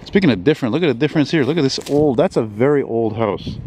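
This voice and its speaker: A man strolls a city street, filming himself on a handheld camera and chatting in a loose, rambling way, swearing casually and padding his talk with fillers. His voice sits at an ordinary middle pitch. Faint traffic hums in the background. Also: animated, quick pace, darkish tone. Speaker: vlogger. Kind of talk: casual walking vlog.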